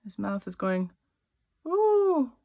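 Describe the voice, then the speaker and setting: A woman illustrator leading a drawing lesson, chatting playfully and thinking aloud as she draws. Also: fairly low pitch. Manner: chatty and playful, voicing little sound effects; talks while drawing, with pauses and restarts. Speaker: writer-illustrator teaching a drawing workshop.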